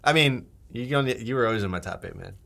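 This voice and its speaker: A man's voice: medium pitch, animated, racing, gravelly, pushed and bright. A man co-hosting a casual podcast chat, joking around, swearing and laughing often. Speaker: podcast co-host.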